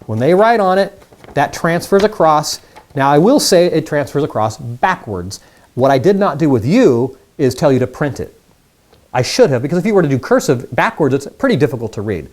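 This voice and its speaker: A man's voice: on the high side, sing-song, normal speed, a little mellow. A man teaching mind reading magic tricks in a casual, upbeat tutorial, chatting straight to the viewers.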